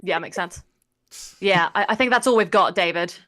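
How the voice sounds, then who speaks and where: A woman from Spain playing in a live trivia chat, lively and self-mocking. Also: medium pitch, normal speed. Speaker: trivia contestant.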